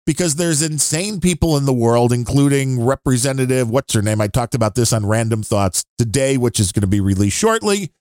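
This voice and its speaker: A man's voice: mid-range voice, expressive, fairly quick, few pauses, darkish tone, no echo, studio quality. A man co-hosting a podcast, rambling and grumbling through his opinions in casual chat. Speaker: podcast co-host.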